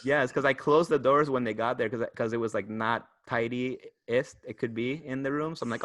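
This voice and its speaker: A man's voice: medium pitch, normal speed, hardly any pauses, fairly bright tone, dry recording. A man, a comedian guest on a podcast, telling a story in loose, rambling casual chat. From Houston, Texas. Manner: rambling, self-interrupting, loose.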